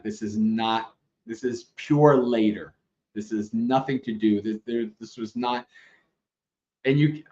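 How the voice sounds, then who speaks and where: A man teaching Dhamma on a livestream, telling a story with lively asides and frequent laughs. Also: lowish voice. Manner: animated storyteller, laughs often, loose asides. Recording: roomy, slightly dull livestream audio.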